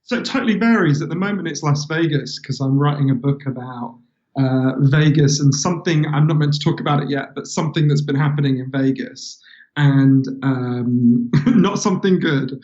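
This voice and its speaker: A British author as an interview guest, telling stories in a lively, animated way and laughing between lines. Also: male voice, fairly high pitch, normal speed, dull audio. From Britain. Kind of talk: casual interview chat.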